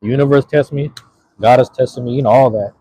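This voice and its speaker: A man's voice: medium pitch, fairly even intonation, quick pace, warm tone, slight background noise. A man chatting casually to his live-stream audience while eating, laid-back and slangy, talking to viewers in the chat.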